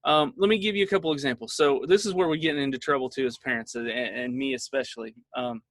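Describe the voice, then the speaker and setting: A man's voice: mid-range voice, fairly even intonation, fast, fairly bright tone, no echo. Middle-aged man, parent trainer, conversational storytelling, dry close sound. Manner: conversational, storytelling with filler words. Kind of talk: casual training talk with anecdotes.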